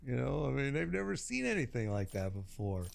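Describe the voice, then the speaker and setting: A middle-aged Chicago man streams from his home setup, chatting casually and telling slangy stories with frequent laughs. His medium-pitched voice is very animated and brisk, with some vocal fry.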